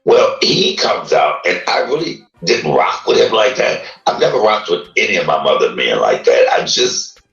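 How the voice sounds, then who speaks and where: A man earnestly recounting a painful childhood memory in a slow, emotional storytelling manner. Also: low voice, very animated, vocal fry, a bit bright, highs cut off. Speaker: man telling his life story on a livestream. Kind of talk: personal storytelling. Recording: distant roomy playback with music.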